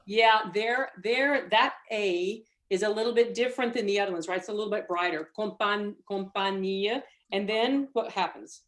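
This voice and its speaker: A woman's voice: mid-range voice, normal speed, hardly any pauses. A middle-aged woman coaching a student singer in a masterclass, encouraging and demonstrating phrases aloud over a video call. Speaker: voice teacher leading a masterclass.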